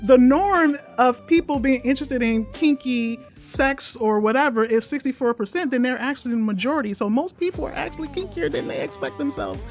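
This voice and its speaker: A woman's voice: sits high, lively intonation, brisk, hardly any pauses, soft background music. Frank, emphatic woman sexologist guest. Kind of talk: podcast interview.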